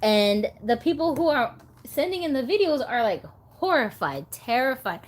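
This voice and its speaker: A woman's voice: high-pitched, big pitch swings, normal speed. A woman hosting a casual live stream about doll collecting, chatty and giggly.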